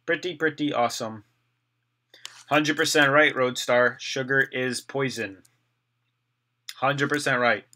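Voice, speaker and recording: A man chatting through a long live stream, reading out viewer comments and answering each one. His voice has a bright, forceful edge, and it is getting a little dry from so much talking. He sounds like he is at a desk mic at home. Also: mid-range voice, fairly even intonation, measured pace, pauses often. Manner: chatty, reads viewer comments aloud and replies.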